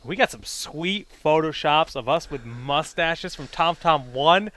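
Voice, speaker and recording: A man's voice: a little high, a little slow. A young man casting an esports match and joking with his co-caster on a headset mic. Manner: animated, joking. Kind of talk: casual esports commentary.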